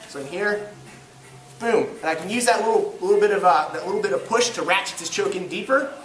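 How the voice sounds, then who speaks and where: A man instructs a live grappling class, his voice high and bright. He mixes technical pointers with self-mocking jokes as he works on a partner. The camera picks him up from a distance in a reverberant gym. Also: animated, fairly quick, a little hiss or hum. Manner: joking, self-mocking coaching while grappling. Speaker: jiu-jitsu instructor. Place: indoor training gym. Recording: echoey gym from far off.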